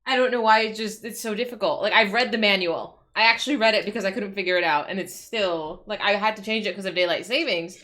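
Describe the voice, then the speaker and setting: At home, a woman streamer chats casually but rants in exasperation, swearing and restarting her sentences. Her mid-range voice is sharp, fast and almost without pauses.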